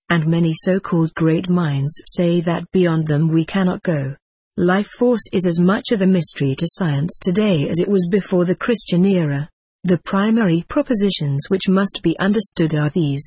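A woman narrating an old book in a measured, formal reading style. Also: fairly low pitch, a little mellow, breathy edge, no room sound. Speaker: audiobook narrator. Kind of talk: scripted narration.

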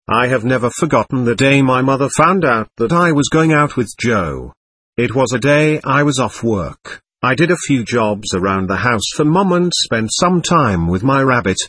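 Husky male audiobook narrator, calm memoir reading, close dry sound. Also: mid-range voice, no echo. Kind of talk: first-person memoir narration.

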